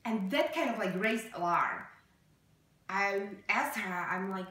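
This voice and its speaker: A woman vlogging to her viewers in an earnest, halting way, emotional, with many fillers and restarts. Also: medium pitch, expressive, a bit bright. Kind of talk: personal vlog talk to camera. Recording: very echoey room, far from mic.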